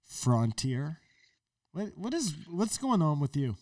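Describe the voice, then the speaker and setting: A man on a casual podcast argues his point stubbornly, swearing and laughing along the way. His voice sits a little high, and it is picked up from a short distance in a dry, dead room. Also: very animated, normal speed, a little mellow, no echo. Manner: argumentative, swears, laughs often. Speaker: podcast co-host. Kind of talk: casual chat.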